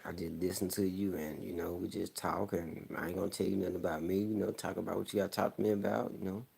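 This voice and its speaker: A man's voice: deep voice, level tone, fast, creaky, darkish tone, slight background noise. A young man from the American South with a country accent, chatting casually in a loose, rambling way, slurring words a little and laughing often. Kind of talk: casual chat.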